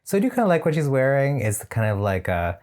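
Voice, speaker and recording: A man's voice: mid-range voice, big pitch swings, fast, a little mellow. Chatty man giving shady reaction commentary. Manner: chatty, opinionated, slightly shady asides. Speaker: drag show reviewer.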